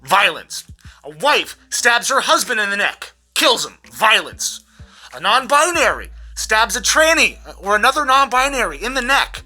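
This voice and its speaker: Sharp-voiced, profane ranting vlogger. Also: mid-range voice, very animated, measured pace, faint music behind. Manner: ranting, swears a lot, repeats words when worked up. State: losing their voice. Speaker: vlogger recapping a trial. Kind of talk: angry profane rant.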